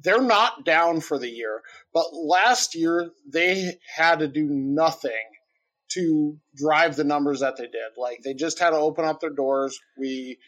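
A man's voice: a little high, unhurried, fairly bright tone, poor audio. Rambling man talking business on a podcast. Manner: rambling, filler-heavy, explaining. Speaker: podcast co-host, marketing agency owner. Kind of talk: casual podcast talk.

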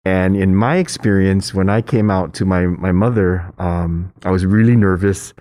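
A middle-aged man telling a personal story in casual chat, hesitant with restarts, then animated as he acts out voices. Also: normal speed. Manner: animated storyteller, acts out quoted voices with high pitch jumps; hesitant, many restarts and fillers.

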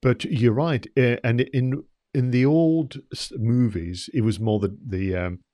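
A man co-hosting a podcast, talking through a film in a measured way with many hesitations. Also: medium pitch, mellow, no room sound. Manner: measured, with many ums and uhs. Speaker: podcast co-host. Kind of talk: casual film review chat.

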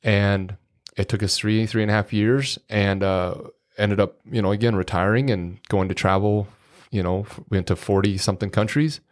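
A man's voice: lowish voice, fairly even intonation, moderate pace. A middle-aged man, a podcast guest, telling rambling, folksy anecdotes full of quoted dialogue in a casual way. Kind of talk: casual storytelling.

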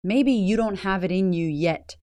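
A woman's voice: mid-range voice, normal speed, dark tone, no room sound. A woman hosting a motivational podcast, blunt, swearing freely and firing rhetorical questions at the listener. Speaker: podcast host.

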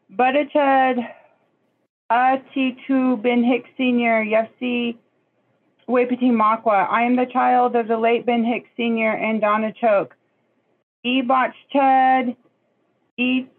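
A woman from the Pacific Northwest, a guest language student, giving a formal, ceremonial self-introduction in a measured manner. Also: on the high side. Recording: tinny phone-like line.

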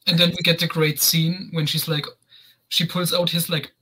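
A man's voice: a little high, little pitch movement, moderate pace, sharp tone, slightly rough, rough recording. A man co-hosting a casual film review chat, full of wry asides. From Germany. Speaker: podcast co-host.

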